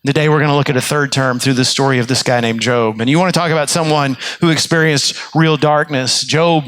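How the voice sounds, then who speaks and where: A man's voice: medium pitch, fairly even intonation, fairly quick, fairly bright tone, dry recording. A man preaching a sermon as pastor, telling stories earnestly and restarting his phrases often. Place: church sanctuary.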